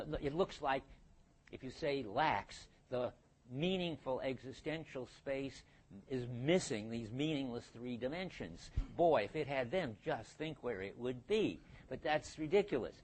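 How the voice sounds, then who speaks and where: A man's voice: medium pitch, lively intonation, measured pace, husky. An older man giving a university philosophy lecture, thinking aloud with frequent restarts and fillers.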